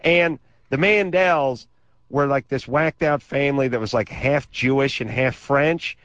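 A man's voice: medium pitch, unhurried, fairly bright tone, no room sound. A man telling comic stories on a late-night call-in radio show, sarcastic and rambling. His voice sits in a middle register and drifts into wild exaggeration and crude asides. The studio sound is dry and a little dull. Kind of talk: comedic storytelling on call-in radio. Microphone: studio microphone.

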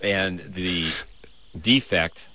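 Deep-voiced, bright-toned man as radio doctor, calm and reassuring, explains with simple analogies. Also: extremely slow. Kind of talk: casual medical explaining on radio.

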